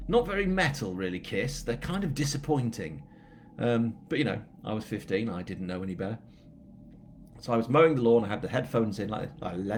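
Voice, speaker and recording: At a live launch for his book, an English author with a northern accent rambles through a story, poking fun at himself along the way. His voice is of medium pitch, and a little hiss or hum can be heard.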